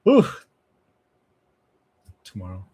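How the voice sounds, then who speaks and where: A man's voice: extremely slow, mellow. Chatty laughing man streaming. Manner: chatty, laughs often, thinks aloud with trailing asides. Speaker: language-learning streamer. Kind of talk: casual livestream chat with viewers.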